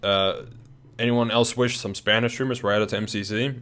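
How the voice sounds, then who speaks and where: His voice here is lowish, clear, and resonant, a bit bright, with fairly even intonation and a moderate pace. The young man keeps ranking players in a casual, chatty, hesitant way, restarting often and leaning on fillers, as faint music plays.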